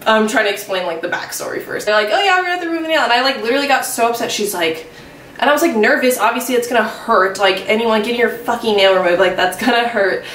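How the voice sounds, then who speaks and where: A woman's voice: a little high, fast talker, fairly bright tone, echoey room, far from the mic. Woman, 20s, vlogger doing a chatty storytime, fillers everywhere, faint room hum behind. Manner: rambling, filler-heavy, self-mocking. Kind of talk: casual storytime.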